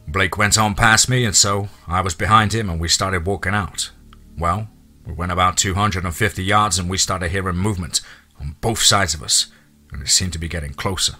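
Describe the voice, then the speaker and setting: A man's voice: low voice, normal speed, pushed and bright, soft background music. A man narrating a first-person horror story in a plain, folksy storytelling manner.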